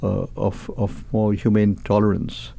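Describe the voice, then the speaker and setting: A man's voice: on the low side, little pitch movement, measured pace, vocal fry, mellow, slightly rough, dry recording. An older man answering interview questions as a company chairman, hesitant, with many fillers and repeated words.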